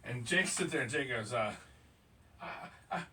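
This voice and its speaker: A man's voice: mid-range voice, lively intonation, moderate pace, sharp tone. Laughing, profane man telling stories. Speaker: podcast host. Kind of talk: casual chat. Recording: distant mic with faint noise.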